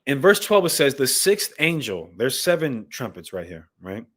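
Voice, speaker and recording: A man's voice: medium pitch, sing-song, normal speed, a bit bright. Impassioned man commenting live to viewers. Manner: impassioned, talks straight to viewers, reads texts aloud. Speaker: livestream host and Bible commentator. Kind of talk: live news commentary with scripture reading.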